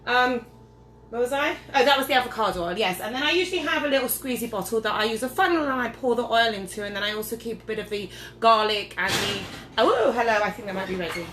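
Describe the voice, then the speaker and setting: Tipsy lady rambling thru a cooking vid, kinda high voice, loud clattery pots and pans in the back. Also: fast, a little hiss or hum. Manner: chatty, rambling, loses her train of thought. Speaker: home cooking vlogger. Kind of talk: casual cooking demonstration. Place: home kitchen, indoors. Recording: echoey kitchen with clattering dishes.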